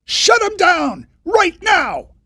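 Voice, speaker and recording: Narrator voicing a bold young man yelling orders, high strained pitch, dry close sound. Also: huge pitch swings, moderate pace, slightly rough, no room sound, heavily acted. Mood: urgent. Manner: shouts commands urgently. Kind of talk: audiobook character voice.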